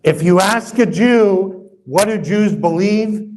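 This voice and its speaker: A middle-aged man, a rabbi, telling stories in a casual, animated lecture and acting out the quoted voices. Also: slow, poor audio. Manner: animated, acts out quoted voices with rising pitch; conversational, many fillers and asides. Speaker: rabbi giving an interfaith talk.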